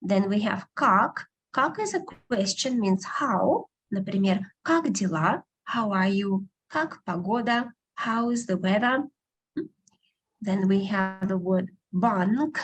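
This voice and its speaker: A woman teaching an online beginner language class, patiently repeating words slowly over a video call. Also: medium pitch, expressive, husky.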